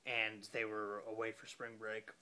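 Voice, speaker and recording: A young man telling a story casually into his phone after a few beers, rambling and halting with many fillers and curses. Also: fairly low pitch, big pitch swings, creaky, sharp tone. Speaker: vlogger.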